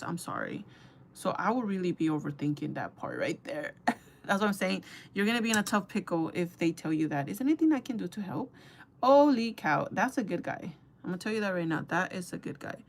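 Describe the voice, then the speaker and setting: A woman's voice: fairly low pitch, gravelly. Chatty young woman giving dating advice. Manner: chatty, gossipy, addresses viewers as girl and guys. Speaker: beauty vlogger. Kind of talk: casual chat while doing makeup.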